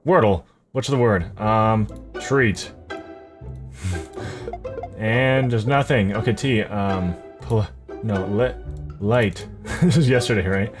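A man's voice: fairly low pitch, takes it slowly, pauses often. A man thinking aloud as he plays a word puzzle, muttering half-words and guesses and laughing often at himself. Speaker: gaming YouTuber. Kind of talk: thinking aloud while playing a word game. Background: music.

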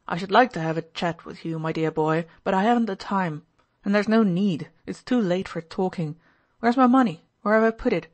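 A woman's voice: fairly low pitch, moderate pace, natural voice. Mitya, a reckless young man read by a woman. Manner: loud, laughing, wild outbursts. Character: reckless excitable young man, drunk in spirit.

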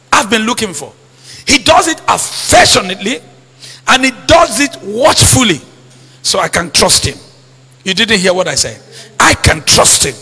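A man's voice: high-pitched, very animated, measured pace, long pauses, bright, forceful tone, slightly rough, in a large hall. A man preaching a sermon as pastor, stressing points and asking the congregation to repeat his lines back. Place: church.

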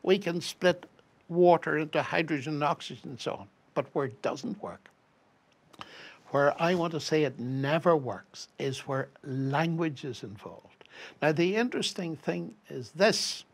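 An older man with a Northern Irish accent recounts an anecdote in a lively, animated way. His voice is gravelly and slightly husky, and it sits a bit higher than most men's. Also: a little slow. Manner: lively anecdote-telling with acted quotes, chuckling. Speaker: professor guest. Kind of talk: animated storytelling conversation.

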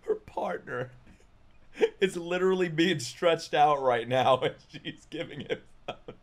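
A young man streaming anime reactions from his room, excitable and profane, often breaking into laughter. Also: a little high, measured pace, a little hiss or hum. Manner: excitable, swears a lot, bursts into laughter. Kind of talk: casual reaction commentary.

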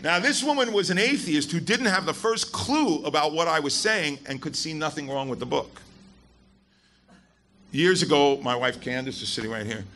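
A man's voice: a little high, expressive, moderate pace, bright, forceful tone, slight background noise. A man speaking as guest at a live skeptics event, addressing an audience bluntly and emphatically and swearing for emphasis. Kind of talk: live public talk to an audience.

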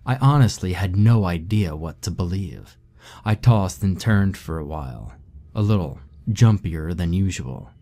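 This is horror story narration, read in the first person by a man whose voice is deep and mellow. His somber, steady pacing is slow and even, keeping the listener gripped.

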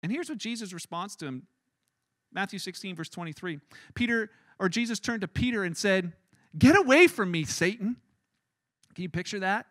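Animated high-voiced man preaching. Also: fairly quick, no echo. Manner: animated and conversational, acts out scenes. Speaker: pastor. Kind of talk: sermon. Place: church.

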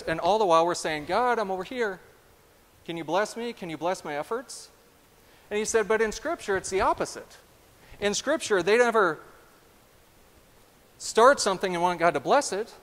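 A man preaching a sermon as pastor, animated and asking the congregation direct questions. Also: high voice. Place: church sanctuary. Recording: long church reverb.

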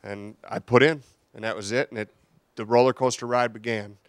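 A man's voice: medium pitch, steady tone, a little fast, dry recording. A man, a reality show contestant, telling his story in an easygoing, plain way.

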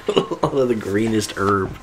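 Lively low-voiced guy coaching a playthrough. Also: a little hiss or hum, low-quality recording. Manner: laid-back, laughs often, gives directions. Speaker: co-host guiding a gameplay playthrough. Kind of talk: casual gameplay commentary.

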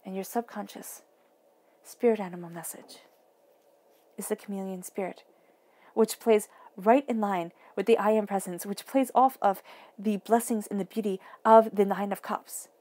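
A woman giving an emphatic, encouraging tarot reading to her viewers, often dropping to a soft near-whisper. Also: medium pitch, steady tone, moderate pace. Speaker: tarot reader.

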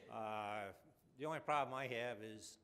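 A man's voice: mid-range voice, a little slow, a bit bright. A man giving public comment at a city meeting, hesitant with many uhs and grumbling. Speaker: resident speaking at public hearing.

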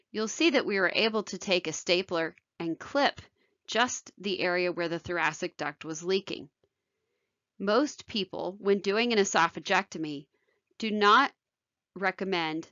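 Woman surgeon giving a measured medical lecture. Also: on the low side, sharp tone, no echo, dull audio. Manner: measured, technical delivery. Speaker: thoracic surgeon.

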